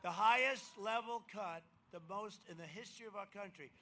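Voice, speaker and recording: A man's voice: high voice, normal speed, sharp tone. An older man giving a rambling, boastful rally speech and mocking his opponents. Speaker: campaign rally speaker. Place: outdoor rally crowd.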